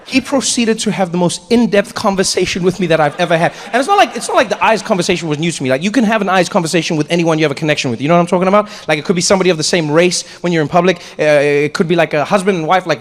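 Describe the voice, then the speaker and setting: A man from South Africa performing stand-up comedy, telling stories in an animated, exaggerated way. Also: high-pitched, rapid-fire, hardly any pauses. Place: large theatre, live audience. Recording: live hall, audience laughter.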